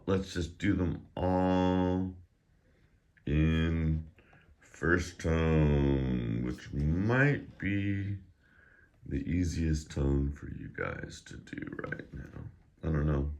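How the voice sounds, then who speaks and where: A man teaching a pronunciation lesson. He drills syllables one by one in a raised voice, then explains them in a plain conversational tone. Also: low voice. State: slightly out of breath. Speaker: language teacher.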